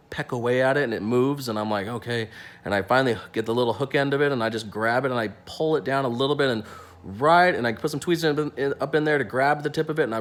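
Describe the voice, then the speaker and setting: A young man, a dentist, casually telling a funny story from work, acting out what people said with lots of restarts and fillers. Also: mid-range voice. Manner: animated, acts out quotes, many restarts and fillers.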